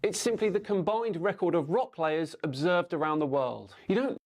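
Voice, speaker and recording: A man with a notably high voice reads scripted narration. He explains things calmly and evenly. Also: moderate pace.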